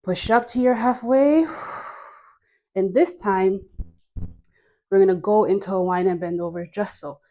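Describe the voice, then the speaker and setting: A woman leading a dance workout class, cueing moves slowly between sighs and laughs, a bit out of breath. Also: mid-range voice, warm tone. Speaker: dance instructor.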